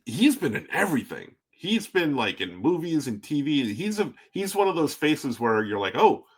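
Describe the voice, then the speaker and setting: A man's voice: a little high, sing-song, normal speed, breathy edge. A man co-hosting a podcast, chatting casually with a wry tone and frequent restarts. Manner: wry, repeats words as he restarts. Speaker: podcast co-host. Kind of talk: casual chat.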